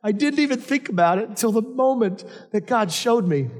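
A man's voice: sits high, expressive, fairly quick, hardly any pauses. A male pastor preaching a sermon, telling personal stories in a conversational way. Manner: conversational storytelling. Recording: long reverb of a hall.

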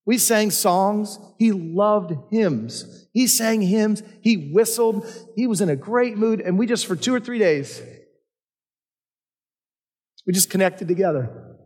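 A man's voice: high voice, expressive, takes it slowly, long pauses, darkish tone. A male pastor preaching a sermon, telling personal stories in a conversational way. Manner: conversational storytelling. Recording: long reverb of a hall.

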